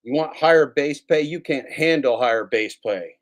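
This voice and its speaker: A man in an ordinary middle pitch holds forth on his livestream, dry and mocking. He swears freely and loops back over the same phrases. The delivery is loose and conversational. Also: normal speed. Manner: sarcastic, profane, repeats his lines. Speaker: livestream host. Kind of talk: casual livestream rant.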